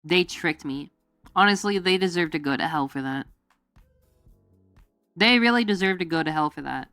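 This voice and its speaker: A woman's voice: fairly low pitch, expressive, moderate pace, a bit bright, no echo. Rambling, giggly streamer woman, dry sound. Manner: rambling, filler-heavy, giggly, jumps into goofy quoted voices. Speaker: VTuber streamer. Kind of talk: casual chat to stream viewers. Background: faint background music.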